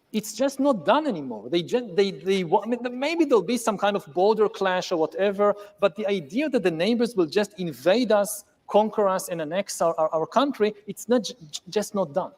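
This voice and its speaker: A man in a played clip giving a deliberate, explanatory analysis, with some stumbling restarts. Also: high-pitched, expressive, darkish tone. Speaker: public intellectual in a played clip. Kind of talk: measured analytical speech.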